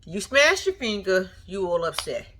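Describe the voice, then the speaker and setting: In a casual reaction vlog, a woman speaks directly to the person on the TV show, blunt, profane and sassy. Her medium-pitched voice is very animated, with a sharp tone and moderate pace, and there's a slight hiss or hum on the recording.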